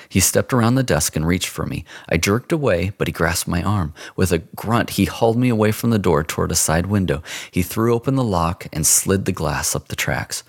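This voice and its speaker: A man narrating a first-person story in an expressive, dramatic audiobook style. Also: sits low, normal speed, gravelly, hardly any pauses, no echo, studio quality.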